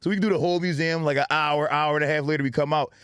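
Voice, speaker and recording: A man in casual podcast chat, telling an animated story and swearing freely. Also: a little high, very fast, clean tone, dry recording, studio quality.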